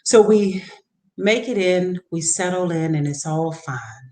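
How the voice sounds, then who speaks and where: Woman host, lowish voice, animated personal storytelling, acts out other voices, echoey room. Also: measured pace. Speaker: podcast host.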